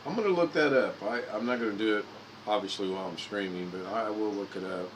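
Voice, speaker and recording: A man in his fifties from Indiana, talking through a relaxed livestream in a somewhat low voice. He rambles from one anecdote to the next, restarting phrases and correcting himself as he goes, with a faint air-conditioning hum in the room behind him. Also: quick pace. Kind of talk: casual storytelling monologue.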